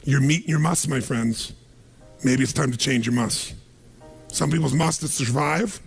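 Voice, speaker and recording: Raspy, gravelly motivational speaker man. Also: mid-range voice, normal speed, faint music behind. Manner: emphatic, calls out questions for the crowd to answer. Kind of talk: motivational seminar talk to a live audience.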